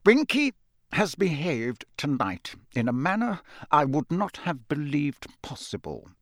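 A man voicing a stern, pitiless older male official who speaks slowly and coldly. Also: a little high, big pitch swings, no echo, studio quality. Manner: slow, cold and clipped.

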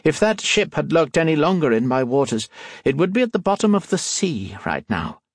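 A man voicing a stern, commanding woman submarine captain with a slight unfamiliar accent, in formal, measured speech. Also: a little high, sing-song, slightly rough, no echo, clean studio sound, pitched above the performer's own voice, full character voice.

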